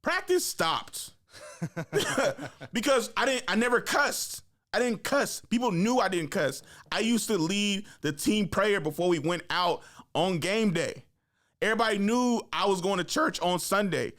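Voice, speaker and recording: A young man with a high voice hosts a podcast and tells stories with loose, animated energy. His talk is slangy and profane, and he keeps checking in with "right?" as he goes. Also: measured pace. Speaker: podcast host. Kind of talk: casual storytelling.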